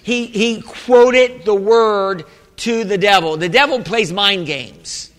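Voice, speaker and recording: A man's voice: high voice, takes it slowly, a bit bright. A male pastor preaching a sermon to a congregation in a church, talking conversationally with restarts and calling out for amens. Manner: call-and-response preaching, asking for amens. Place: church sanctuary. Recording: echoey hall with long reverb.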